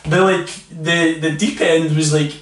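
A man's voice: a little high, steady tone, measured pace. A young Scottish man in casual chat who often repeats words and says "aye". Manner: chatty, repeats himself, says "aye" a lot. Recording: echoey room, picked up from a distance.

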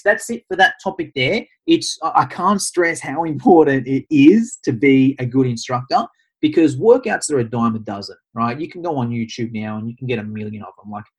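Fitness trainer, husky voice, chatty, keeps checking "okay?". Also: male voice, mid-range voice, expressive, brisk. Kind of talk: casual instructional talk.

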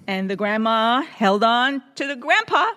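A woman's voice: fairly high pitch, animated, measured pace, sharp tone. A woman co-hosting a children's podcast, telling a story in turns with playful chiming in. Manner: playful, chiming in, sing-song. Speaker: podcast co-host.

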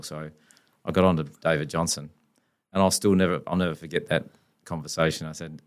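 Deep-voiced Australian man telling stories. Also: fairly quick. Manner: blunt, colloquial, animated anecdotes. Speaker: company founder, guest. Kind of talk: casual storytelling.

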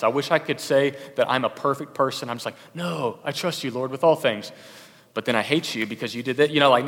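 Guy preaching, chatty sermon, gets loud then drops real soft, long hall reverb. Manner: conversational, swings from loud emphatic bursts to soft low asides. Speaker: pastor.

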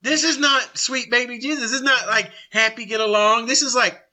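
A middle-aged man leading a Bible study, blunt and confrontational, with quick asides to his group. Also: very high voice, steady tone, sharp tone. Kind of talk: forceful Bible study teaching.

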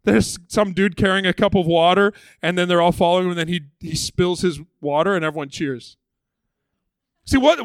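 A man preaching a sermon as pastor, conversational and lively, often repeating words as he builds his point. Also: sits high, clean tone, no echo.

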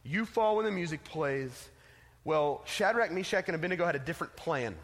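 High-voiced youth pastor, echoey hall. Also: male voice, lively intonation, a little fast. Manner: casual, storytelling, emphatic. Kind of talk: sermon to teenagers.

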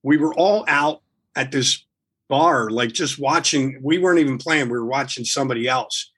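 Husky-voiced man telling a wild story. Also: medium pitch, moderate pace. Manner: animated, rambling with restarts. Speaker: guest musician. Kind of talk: casual storytelling, swearing freely.

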